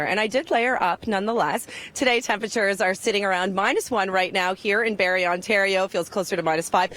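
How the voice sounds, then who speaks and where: A woman delivers a live weather report while standing outside in the snow. She talks in a chatty, upbeat way and slips in easy jokes between the temperatures and road conditions. Her voice sits at an ordinary middle pitch. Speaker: weather presenter. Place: outdoors in a snowy town.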